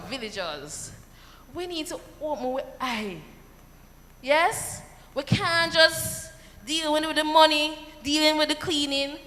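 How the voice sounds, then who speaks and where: Lively Jamaican woman lecturing in a hall. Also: fairly high pitch. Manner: lively, animated, acts out quotes, rhetorical asides. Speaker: seminar speaker. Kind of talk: seminar talk to parents. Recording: long hall reverb.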